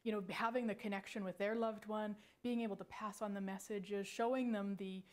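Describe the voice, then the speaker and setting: A woman in her forties, a psychic medium, telling a personal story in a chatty, animated way with many restarts. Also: mid-range voice, brisk.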